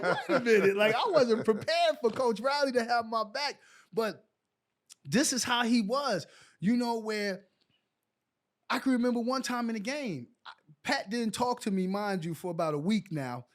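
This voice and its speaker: Guy from new york telling stories, really high voice for a man, jumps into other people's voices when he quotes them. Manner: animated, acts out quotes in a raised voice. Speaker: guest, former pro basketball player. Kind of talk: casual storytelling.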